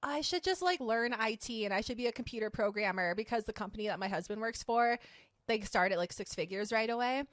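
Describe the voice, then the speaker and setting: A woman's voice: fairly high pitch, expressive, fairly quick, a bit bright, no room sound, studio quality. A woman co-hosting a podcast in casual chat, bubbly and chatty, laughing often. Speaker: podcast co-host.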